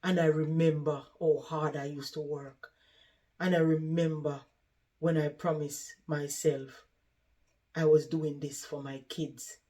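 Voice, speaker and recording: A tired old woman looks back on a life of overwork with quiet regret, voiced by a woman retelling her story. The speech is slow and heavy and sits near tears. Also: low-pitched, level tone. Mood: weary. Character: weary regretful older woman in care.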